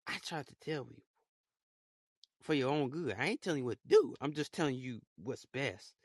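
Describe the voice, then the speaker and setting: A man's voice: mid-range voice, very animated, normal speed, husky, no room sound, studio quality. A young man hosting a casual solo podcast, talking in a rambling, repetitive, heartfelt way. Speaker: podcast host.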